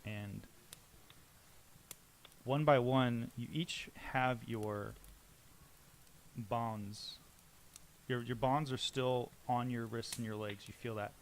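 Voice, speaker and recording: Male game master, mid-pitched, halting descriptive narration. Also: steady tone, slight background noise.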